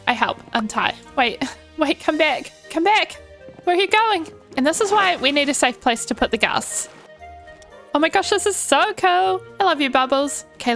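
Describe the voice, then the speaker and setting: A woman's voice: high voice, vocal fry, a bit bright. A young woman giving bubbly, chatty gameplay commentary, cooing at the animals in her game. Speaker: Minecraft YouTuber. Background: faint background music.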